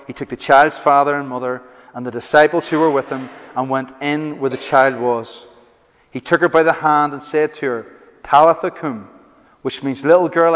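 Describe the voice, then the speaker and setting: Preacher in an echoey hall. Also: male voice, a little high. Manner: reads scripture then preaches with emphatic, slowed stresses. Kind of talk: sermon. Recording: dull, echoey hall recording.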